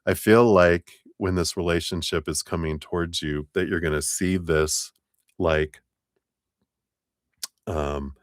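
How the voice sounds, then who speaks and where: A man's voice: low-pitched, steady tone, takes it slowly, pauses often, dry recording, studio quality. A man doing a live tarot reading, musing and easygoing, with many fillers and restarts. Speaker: tarot reader.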